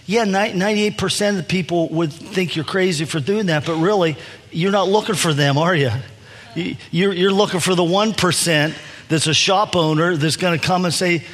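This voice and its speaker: A man's voice: a little high, steady tone, moderate pace, fairly bright tone. A man in his sixties, a pastor telling a story in a sermon, often restarting and repeating words as he goes. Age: 60s. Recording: long hall reverb.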